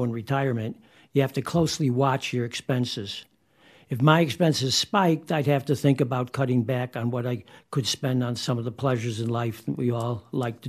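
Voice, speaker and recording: An elderly man in his eighties reads a prepared statement aloud as a hearing witness. His delivery is earnest and measured, and he repeats key points for emphasis. His voice sits at an ordinary middle pitch. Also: darkish tone. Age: 80s. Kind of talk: reading prepared testimony.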